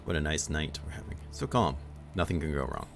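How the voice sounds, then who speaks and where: A man's voice: rumbling low, animated, fairly quick, vocal fry, faint music behind. A man streaming a game, joking and reading game text aloud as he plays. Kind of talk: let's play commentary.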